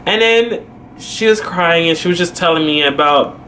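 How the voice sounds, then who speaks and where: A man's voice: on the high side, normal speed, a bit bright, a little hiss or hum. A young man vlogger telling a personal story casually, rambling with lots of "like" and "you know".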